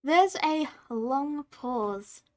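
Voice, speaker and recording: A woman's voice: sits high, animated, drawn-out words. Woman narrating a tabletop game. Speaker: game master.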